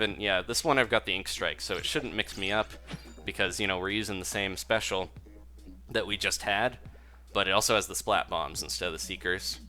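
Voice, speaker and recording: Chatty low-voiced man streaming a game. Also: sharp tone. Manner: chatty, reads out chat, laughs often. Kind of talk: live gameplay commentary. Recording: music playing behind the voice.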